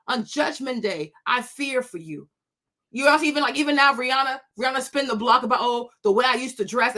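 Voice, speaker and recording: A woman's voice: sits high, sharp tone. A woman hosting her own commentary channel, scolding and mocking critics in a sassy, unscripted rant full of laughter.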